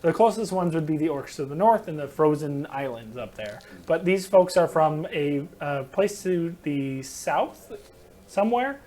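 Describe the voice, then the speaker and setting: A man with a fairly high voice narrates a tabletop game as its game master. He rambles through descriptions with frequent fillers and breaks into laughs. He is recorded in a game store. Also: lively intonation, unhurried, darkish tone.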